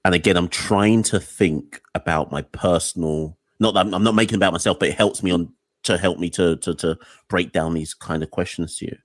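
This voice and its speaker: Deep-voiced male podcast host, dry sound. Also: fairly even intonation, fairly quick, no room sound. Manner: searching for words, restarts questions, thinks aloud. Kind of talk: conversational interview.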